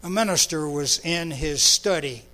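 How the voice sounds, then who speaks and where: Male pastor, unhurried sermon delivery with a slightly raised pitch. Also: pushed and bright.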